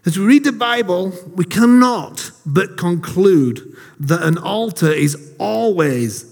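A man's voice: high voice, lively intonation, takes it slowly, gravelly. A man in his thirties giving a casual, jokey sermon to a congregation, telling self-deprecating stories. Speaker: lay preacher. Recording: long hall reverb.

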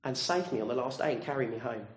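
A man's voice: mid-range voice, fast talker. A man preaching a sermon, earnestly putting direct questions to his listeners. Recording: roomy echo.

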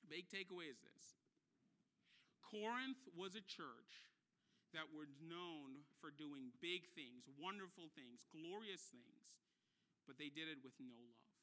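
A man preaching a sermon as pastor, moving between soft, personal asides and loud, fervent climaxes, repeating key phrases for emphasis. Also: fairly high pitch, animated, takes it slowly. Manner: swings from quiet and intimate to loud, impassioned preaching.

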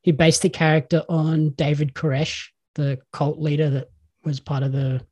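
An Australian man hosting a podcast in a relaxed, chatty way, recounting stories with real enthusiasm. His voice is mellow and slightly husky, sitting a little higher than most men's. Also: moderate pace. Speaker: podcast host. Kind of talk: casual chat.

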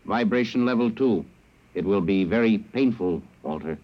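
A man's voice: lowish voice, heavy background noise, natural voice. A man playing a cold, logical alien captor. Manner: flat, measured, emotionless speech. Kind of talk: 1950s radio drama acting. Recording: dull lo-fi old radio broadcast.

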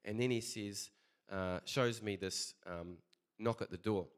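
A man's voice: on the low side, a little slow. A man preaching a casual sermon, chatty and conversational, telling a story with many fillers.

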